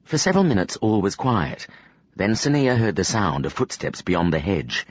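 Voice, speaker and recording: Man, low husky voice, lively pitch, dry dull lo-fi recording. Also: normal speed, no echo. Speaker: audiobook narrator. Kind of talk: scripted fantasy narration.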